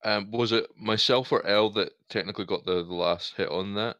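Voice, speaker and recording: A man's voice: lowish voice, brisk, fairly bright tone, dry recording. An easygoing man chatting as a player in a tabletop game, laughing often. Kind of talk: casual tabletop game chat.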